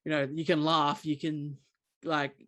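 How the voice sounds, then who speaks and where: A man's voice: fairly high pitch, little pitch movement, measured pace, pushed and bright. A man telling a long story as a podcast co-host, rambling with many restarts. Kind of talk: casual chat.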